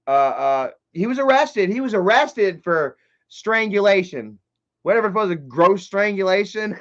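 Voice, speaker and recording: A man hosting a casual livestream, reading chat and commenting in an excitable, profane way that swings from loud outbursts to low muttering. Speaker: livestream host. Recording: dull lo-fi stream audio.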